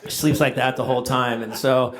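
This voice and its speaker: A middle-aged man performing stand-up comedy on stage, telling stories in an animated, exaggerated way with shouted punchlines and laughter from the audience. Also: medium pitch, brisk, a loud crowd.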